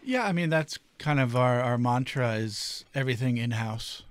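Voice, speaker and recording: A man's voice: mid-range voice, normal speed, clean tone, no room sound. A man who co-owns a restaurant, answering interview questions in an easygoing way with many filler words. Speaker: restaurant co-owner, guest.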